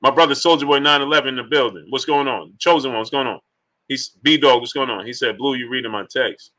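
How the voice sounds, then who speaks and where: Male livestream host, bright sharp tone, chatty and animated. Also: mid-range voice, fast talker. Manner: animated, shouts out viewer names between opinions. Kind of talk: casual live stream chat, reading super chats.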